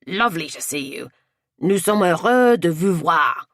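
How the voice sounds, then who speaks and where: A woman reading as a bluff, hearty middle-aged man, jolly and a bit pompous, pitched low. The audiobook voice is dry and close to the mic. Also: lively intonation, a little slow, fairly bright tone, dry recording, exaggerated voice.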